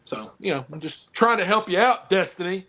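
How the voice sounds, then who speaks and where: A man's voice: sits high, expressive, a little fast, pushed and bright. A man who wrestles professionally and coaches football, chatting casually on a podcast, rambling and joking while he hands out blunt advice.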